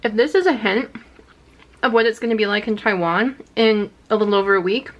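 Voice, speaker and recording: A woman's voice: medium pitch, fairly quick, muffled recording. A woman vlogging in a bubbly, chatty way, gushing over food and pets. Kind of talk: casual vlog chat to camera. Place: outdoors at home, then indoors.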